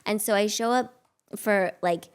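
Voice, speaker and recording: A woman's voice: mid-range voice, unhurried, smooth. A woman in her thirties, a guest actress, telling stories in a casual, rambling way full of fillers. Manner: rambling storytelling, many fillers like "like". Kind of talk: casual chat.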